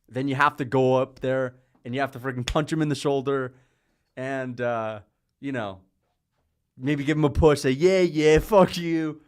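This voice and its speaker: A man in a casual livestream, part chat and part fight commentary, with a voice sitting at an everyday middle pitch. He wanders through tangents and laughs through his sentences. He turns loud and excited at big moments. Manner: rambling, jumps between topics; laughs often mid-sentence. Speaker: livestream host.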